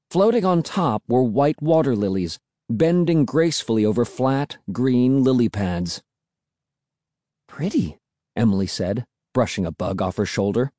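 A man reading a first-person story aloud, with an expressive, animated delivery. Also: mid-range voice, no room sound, studio quality. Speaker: audiobook narrator.

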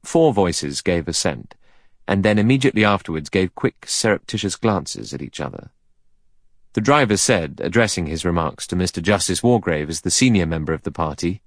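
Deep-voiced, animated male narrator, dry close read. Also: a little fast, no echo. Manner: expressive, varied delivery. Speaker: audiobook narrator. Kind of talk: scripted narration.

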